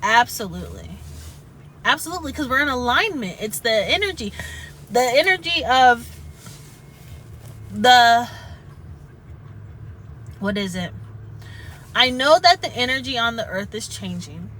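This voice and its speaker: Bright high-ish woman, earnest and halting, kinda teary, faint hiss behind. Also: very animated, rough recording. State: tearful at moments. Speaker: spiritual vlogger. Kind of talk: emotional casual chat.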